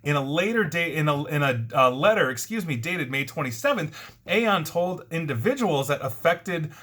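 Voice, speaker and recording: Male host, bright forceful voice, brisk news roundup with chatty asides. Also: a little high, lively intonation.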